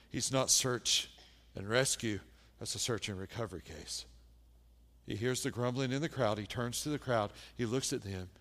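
A male pastor preaching a sermon, moving from hushed, low passages to loud, impassioned stretches full of rhetorical questions to the congregation. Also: long reverb tail.

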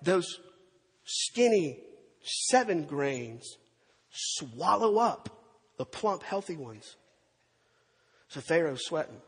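A man preaching a sermon, telling a story with lively acted-out quotes and asides to the congregation. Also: a little high, slow, pauses often, breathy edge, long reverb tail. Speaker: pastor.

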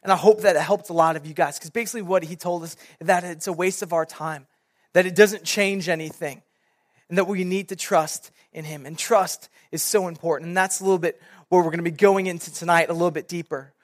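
A young man, a youth pastor, giving a sermon and telling a personal story in a casual, animated way. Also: sits high, fairly quick.

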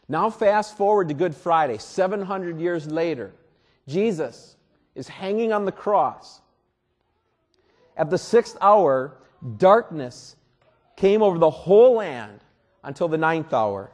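A man preaching a sermon as pastor at a church service, earnest and deliberate, often repeating words. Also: fairly high pitch, animated.

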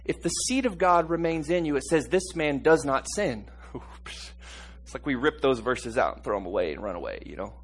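A man preaching a sermon, swinging between hushed, slow passages and loud, high-pitched outbursts, with frequent chuckles and calls for the congregation to repeat after him. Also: animated, slightly rough.

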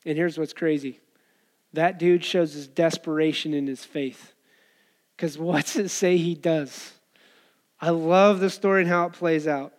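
A man's voice: a little high, fairly even intonation, unhurried. A pastor preaching a conversational sermon to his church, acting out voices from the story. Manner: conversational preaching, acts out crowd and beggar voices.

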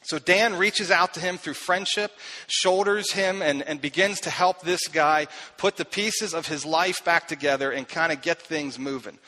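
A man, a pastor, telling a personal story in a sermon, earnest and confessional, growing soft and quiet when he recalls what was said. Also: sits high, low-quality recording.

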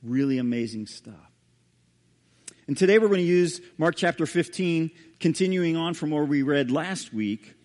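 A man's voice: animated, normal speed. Man preaching in a reverberant hall. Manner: dramatic, drops to a hushed low voice on key words. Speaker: pastor. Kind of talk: sermon with scripture reading.

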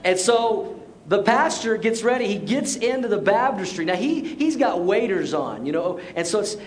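High-voiced storytelling male pastor. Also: a little hiss or hum. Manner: storytelling, acts out quotes, shifts to slow emphatic lines. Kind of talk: sermon with personal story. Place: church auditorium.

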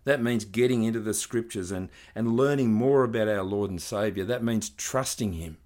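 A man's voice: on the low side, normal speed, a little mellow. A man preaching a sermon, reading scripture aloud and building earnest emphasis as he explains it.

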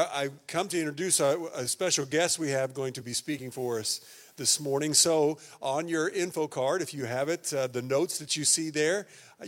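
A man welcoming a church congregation and introducing a guest speaker in a friendly, conversational way. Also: medium pitch. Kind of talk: Sunday service welcome and introduction. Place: church sanctuary.

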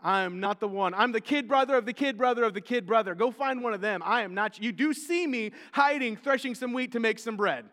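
A preacher doing a timid, protesting Gideon. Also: male voice, very high-pitched, brisk, few pauses, pushed and bright. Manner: casual, protesting and self-deprecating. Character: Gideon, a timid young man hiding from duty. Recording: long hall reverb.

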